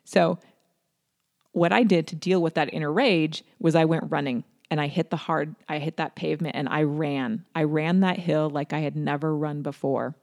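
Woman with a gravelly voice telling a personal story. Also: sits low, normal speed. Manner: candid, animated retelling with restarts and acted-out quotes.

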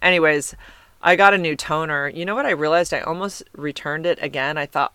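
A woman's voice: sits low, normal speed, fairly bright tone, smooth, no echo. A woman hosting a podcast, reading listener comments in a rambling, chatty way and correcting herself as she goes. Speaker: podcast host.

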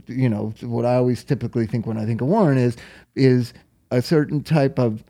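A man's voice: mid-range voice, warm tone. Profane rambling storyteller, a man. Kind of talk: casual chat.

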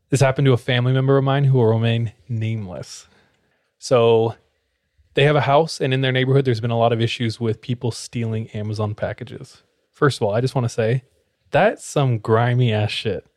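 A man's voice: medium pitch, fairly quick, no room sound, studio quality. A man, a podcast co-host, casually telling a story and acting out the lines of the people in it. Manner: animated, acts out quoted dialogue.

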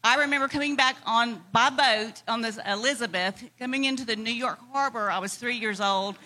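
A woman's voice: fairly high pitch, fairly quick, bright, forceful tone. A woman from Germany with a Southeast Texan accent, telling her story heartfelt at a convention. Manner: heartfelt, laughs easily. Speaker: interviewee. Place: convention floor.

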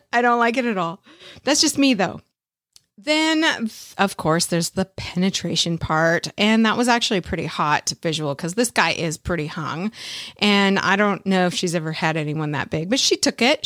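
A woman hosting her own podcast in a frank, casual chat, swearing without a second thought and breaking into laughter often. Her voice sits at an ordinary middle pitch, and the recording is close and dry with no room sound. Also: no echo. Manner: candid and blunt, swears freely, laughs often. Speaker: podcast host. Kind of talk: casual solo review chat.

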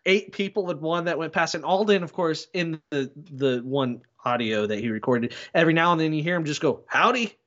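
A man's voice: on the high side, brisk, few pauses, lo-fi sound. Rambling, self-deprecating man on a podcast. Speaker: podcast guest. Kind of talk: casual podcast chat.

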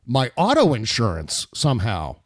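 A man's voice: mid-range voice, wildly swooping pitch, moderate pace, husky. A middle-aged man hosting a podcast interview, chatty, laughing often and leaning on fillers. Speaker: podcast host. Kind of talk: casual interview chat.

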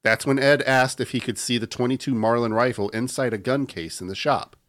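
A man hosting a podcast, reading a true-crime story aloud in an even narrating tone. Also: medium pitch, fairly quick. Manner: reads the story aloud in an even narrating tone, breaking into laughter at the banter. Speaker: podcast host.

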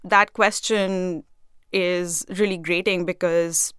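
Earnest woman with a smooth voice. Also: lowish voice, steady tone, a bit bright, no echo, studio quality. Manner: quick, earnest explaining. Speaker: reporter guest. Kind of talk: conversational interview.

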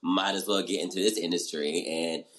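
A man's voice: sits low, steady tone, normal speed, fairly bright tone, rough recording. A young man as an interview guest, animatedly telling his story and acting out his own past reactions. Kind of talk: casual interview chat.

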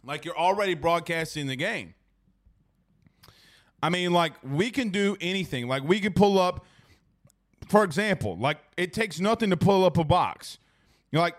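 A young man hosting a casual live sports talk stream, rambling and animated with lots of fillers and restarts. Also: sits high, normal speed, long pauses. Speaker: sports talk show host.

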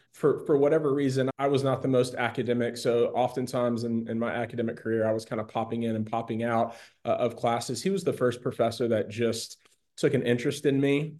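A man in his forties speaking as an interview guest, candid and earnest about his own life. His voice sits at an ordinary middle pitch, and he often repeats a word as he gathers his thoughts. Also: darkish tone. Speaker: nonprofit founder, guest. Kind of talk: conversational interview storytelling.

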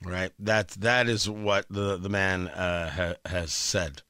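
A man's voice: low-pitched, slow pace, smooth, no echo. A man hosting a talk radio show, opinionated and sarcastic, bantering and joking in the studio. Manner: animated, sarcastic, jokey.

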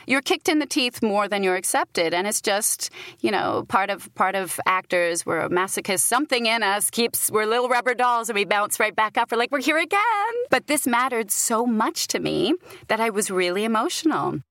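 A woman's voice: mid-range voice, animated, normal speed, fairly bright tone, no echo. A middle-aged woman from Britain, an audiobook narrator, telling stories animatedly and laughing often in a casual interview.

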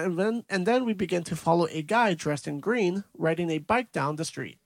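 A young man chatting on a movie review podcast, retelling scenes step by step. His voice sits a bit high with a gravelly edge, and the recording is dry and close. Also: no echo. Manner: recaps scenes in detail, laughs easily. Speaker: podcast co-host. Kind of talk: casual movie review chat.

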